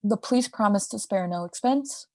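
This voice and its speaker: A woman's voice: medium pitch, moderate pace, no echo, clean studio sound. A young woman co-hosting a podcast, telling a crime story in a casual, chatty way with asides and restarts. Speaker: podcast co-host.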